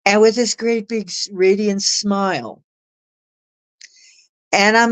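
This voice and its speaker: A middle-aged woman telling a personal story in a chatty, animated way. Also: mid-range voice, takes it slowly, pauses often, clear, resonant tone, low-quality recording. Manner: chatty, animated retelling with laughs and acted quotes. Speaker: astrology show guest. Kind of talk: casual storytelling.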